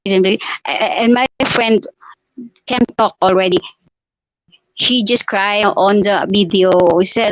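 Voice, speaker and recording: Slow-talking Filipina woman telling a story. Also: medium pitch, lively intonation, a bit bright, no echo, lo-fi sound. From Philippines. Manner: hesitant, many fillers and restarts. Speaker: storyteller on a live chat. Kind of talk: casual live-stream storytelling.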